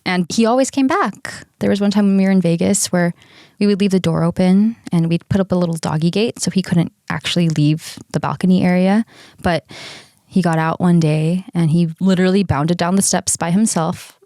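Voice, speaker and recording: A woman's voice: fairly low pitch, brisk, mellow, no room sound, clean studio sound. Candid young woman telling a story. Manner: candid, swears casually, laughs often. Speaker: podcast host. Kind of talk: casual storytelling chat.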